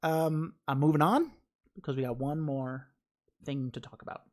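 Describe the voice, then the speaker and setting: A woman with a notably low voice teaches a mindfulness class. She talks casually and chattily, laughs easily and slips into little acted inner voices to make her points. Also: moderate pace, a little mellow. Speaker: meditation teacher.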